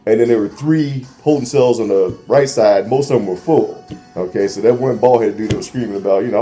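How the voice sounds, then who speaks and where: A middle-aged man tells old police stories, throwing himself into every voice he quotes. His tone is mellow and unforced, and faint music plays softly behind him. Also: mid-range voice, a little fast. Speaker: interview guest, former transit police officer. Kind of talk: casual storytelling.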